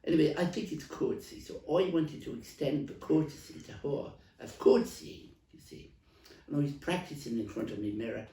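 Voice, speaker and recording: A man's voice: a little high, lively intonation, brisk, dark tone. A man playing an elderly Dublin stall trader, a rambling, coughing heavy smoker who stumbles and restarts as she talks. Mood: gossipy. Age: older. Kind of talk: comic character monologue. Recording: roomy, distant mic.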